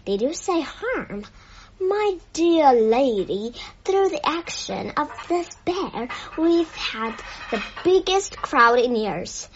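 A woman voicing a pompous, booming male store manager in a storybook reading. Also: very animated, slow, a little hiss or hum, exaggerated voice. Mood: amazed. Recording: dull lo-fi, faint music behind.

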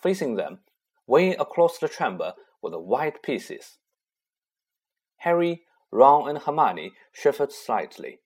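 A man narrating a children's story in an expressive, unhurried way. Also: mid-range voice, husky. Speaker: audiobook narrator.

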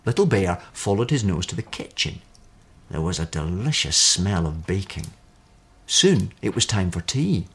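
A man reading a children's story aloud, his voice low and a little husky. He tells it expressively, with a lively, swooping pitch that rises and falls to act out the scenes. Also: unhurried.

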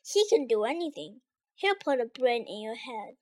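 A woman's voice: on the high side, sing-song, moderate pace, mellow, voice pushed down. A woman voicing Dorothy, a polite, eager little girl in a storybook, who speaks in an earnest, pleading way.

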